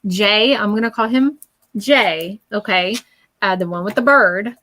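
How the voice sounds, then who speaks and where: A woman medium leads a live spirit reading, relaying messages in a chatty, reassuring way. She checks in often with her listener, and her voice sits at an ordinary middle pitch. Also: measured pace, bright, forceful tone. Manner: chatty, reassuring, many fillers. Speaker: psychic medium.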